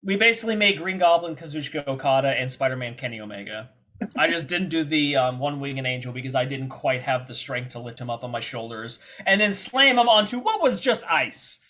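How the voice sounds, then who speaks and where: A man telling stories as a podcast guest, animated and freely cursing. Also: mid-range voice. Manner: animated, profane, quick anecdotes. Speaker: guest filmmaker and performer. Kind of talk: casual storytelling.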